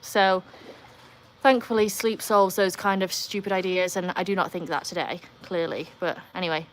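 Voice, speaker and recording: Speaking with a North Yorkshire accent, this livestream host, a woman from North Yorkshire, England, chats casually and pokes fun at herself with dry asides. Her voice sits on the low side, steady in tone at a moderate pace, with slight background noise.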